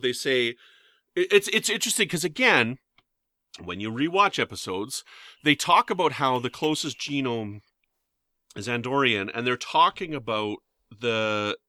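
Podcast co-host: a Canadian man, bright voice, dry close sound, joking and chatty. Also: mid-range voice, animated, normal speed, no echo. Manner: chatty, joking asides, many restarts. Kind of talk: casual chat.

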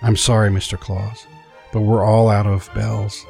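A man's voice: lowish voice, level tone, a little slow, vocal fry, a little mellow, faint music behind. A man voicing a polite shopkeeper. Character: stunned, apologetic male bell shop owner.

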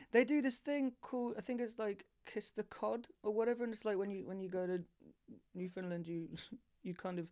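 A man's voice: high voice, fairly even intonation, moderate pace, a little mellow. A man from England, a songwriter guest on a podcast, chatting easily and often repeating himself. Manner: easygoing, repeats words, laughs often. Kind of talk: casual chat.

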